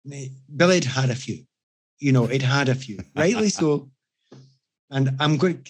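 A Scottish man chatting with friends, spinning lively, self-mocking stories with a husky, breathy voice. His pitch sits in the middle range for a man. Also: normal speed. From Scotland. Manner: animated anecdotes, self-mocking. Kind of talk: casual chat.

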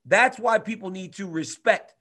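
Excitable bright-voiced man in his twenties. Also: high voice, moderate pace. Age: 20s. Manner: animated storytelling, swings from loud to quiet. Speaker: guest fighter. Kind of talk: casual chat.

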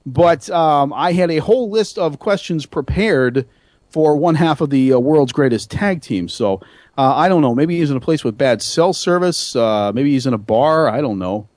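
A man hosting an internet radio talk show, talking in an animated, rambling way with many restarts and self-mocking asides. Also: fairly high pitch, normal speed, dry recording, clean studio sound. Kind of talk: casual radio chat.

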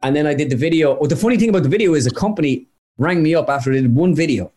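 A man's voice: a little high, lively intonation, dark tone. Chatty young man telling stories. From Ireland. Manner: chatty anecdotal storyteller, quick with asides. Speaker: guest, impressionist. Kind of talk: casual interview chat.

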